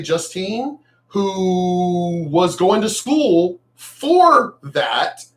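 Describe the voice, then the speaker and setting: A man ranting bluntly on his vlog, cursing freely and swinging between loud outbursts and quieter asides. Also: high-pitched. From United States. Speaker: vlogger.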